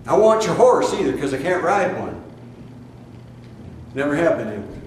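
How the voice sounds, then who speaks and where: A man's voice: on the high side, sing-song, normal speed, a little hiss or hum. A man from Iowa gives a spiritual talk in an emphatic, folksy way, with mocking asides. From Iowa, USA. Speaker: spiritual teacher. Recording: very echoey room, heard from a distance.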